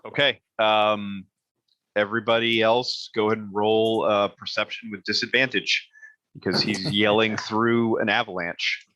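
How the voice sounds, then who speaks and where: A man's voice: lowish voice, flat delivery, a little slow, bright, forceful tone, dry recording. A man running a tabletop game as game master, easygoing, with frequent chuckles and "uh"s. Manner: easygoing, chuckles often, many "uh"s. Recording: dull lo-fi audio.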